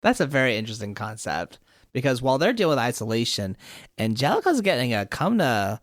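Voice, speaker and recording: A man's voice: medium pitch, big pitch swings, fairly quick, dry recording, clean studio sound. A man co-hosting a podcast, animatedly retelling an episode and quoting the characters. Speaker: podcast co-host. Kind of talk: casual chat, retelling an episode.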